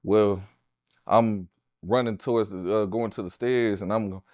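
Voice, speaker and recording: A man's voice: a little slow, dry recording, lo-fi sound. Profane Houston man telling stories. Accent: Southern US, Houston. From Houston, Texas. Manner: animated, profane, raises pitch for quoted voices. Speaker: interview guest, tattoo artist. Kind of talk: casual storytelling.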